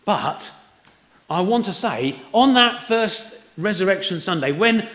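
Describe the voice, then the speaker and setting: A man's voice: high-pitched, animated, a little slow, a bit bright. A man preaching an Easter sermon, talking conversationally and putting questions to the congregation. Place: church hall. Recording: roomy hall echo.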